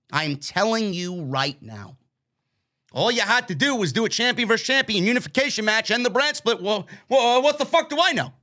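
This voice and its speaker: Man, podcast host, bright sharp voice, profane emphatic rant. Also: sits high. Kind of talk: wrestling news commentary rant.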